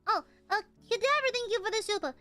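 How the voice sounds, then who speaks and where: A woman's voice: extremely high pitch, quick pace, pushed and bright, faint music behind. A young woman streamer chatting casually with her viewers, playful and chatty, often breaking into giggles and squeals. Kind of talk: casual chat with a live stream chat.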